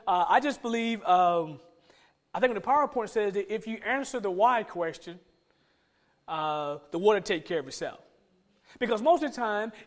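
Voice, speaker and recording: A man, a pastor, giving a conversational sermon, asking many rhetorical questions and joking with the congregation. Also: high voice.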